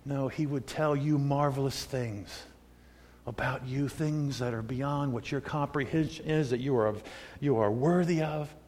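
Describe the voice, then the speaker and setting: A man in his sixties preaching a sermon, moving between loud emphatic peaks and hushed, quiet asides. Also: medium pitch, measured pace, slight background noise. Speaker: pastor. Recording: long hall reverb.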